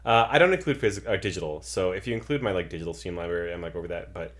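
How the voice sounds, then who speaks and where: Young man, podcast co-host, very low voice, dry teasing humor. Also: animated, very fast. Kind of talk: casual chat.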